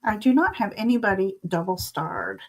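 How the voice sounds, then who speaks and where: A woman's voice: medium pitch, huge pitch swings, moderate pace, breathy edge. An older woman hosting a live tarot stream, chatting casually and laughing often.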